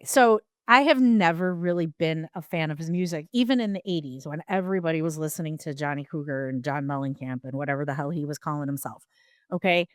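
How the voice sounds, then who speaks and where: A woman's voice: fairly low pitch, clean tone, dry recording, studio quality. A woman co-hosting a podcast in casual chat, frank and rambling, with many ums and restarts.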